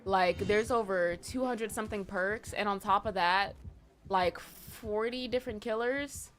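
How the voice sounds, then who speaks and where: A woman's voice: medium pitch, unhurried. A young woman streaming live, chatting casually with her viewers and reading chat aloud, swearing now and then.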